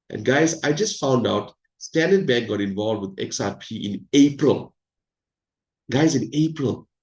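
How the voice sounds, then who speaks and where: A man hosting an online meeting, giving an animated, hyped presentation and talking straight to his audience over a video call. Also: mid-range voice, gravelly, roomy sound. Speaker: host of an online crypto meeting.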